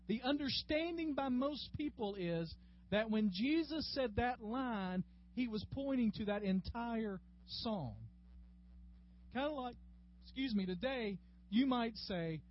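A man leads a Bible class in a chatty, folksy way, his voice sitting fairly high for a man. The recording is dull and lo-fi, with a faint hum in the room behind him. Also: animated, normal speed. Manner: folksy and chatty, addressing class members by name. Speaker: Bible study teacher. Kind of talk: conversational Bible class teaching. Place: classroom with a group.

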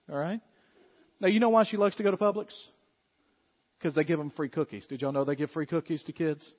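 A man, preaching a sermon in an animated way and acting out scenes. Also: a little high, brisk, pauses often. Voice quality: animated, acts out scenes with shouts. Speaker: pastor. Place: church hall. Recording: muffled sound in a long-reverb hall.

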